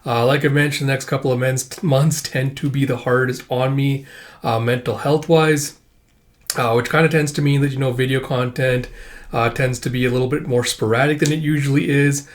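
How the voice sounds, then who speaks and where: A man talks his way through a comic read-through in a loose, rambling style full of fillers and offhand swearing. His voice sits at an ordinary mid pitch for a man. He comes across as casual and unpolished. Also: steady tone, normal speed. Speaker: manga read-through channel host. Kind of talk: casual reading commentary.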